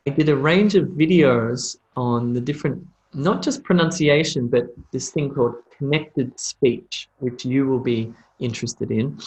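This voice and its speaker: A man with a mid-range voice runs a live English class online, slowly and repeatedly modeling sounds while reading student questions aloud. He keeps things easygoing and conversational, and the sound quality is poor.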